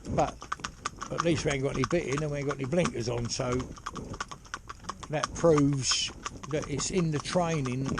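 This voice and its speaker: A horse trainer talking casually outdoors while driving a pony cart, rambling and chatty with lots of "you know". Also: male voice, mid-range voice, moderate pace. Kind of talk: casual spoken instruction while driving ponies. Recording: loud hoof clatter and outdoor noise.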